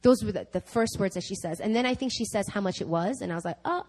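A woman preaching a conversational sermon, telling a personal story with laughs and lively asides. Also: medium pitch, fast talker, low-quality recording. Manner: animated, laughing, chatty with fillers. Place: church service.

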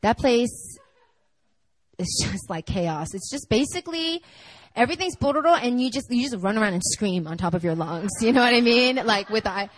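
A young adult woman preaching a conversational sermon, telling stories in a chatty, animated way full of "like" and laughter. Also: a little high, normal speed, poor audio.

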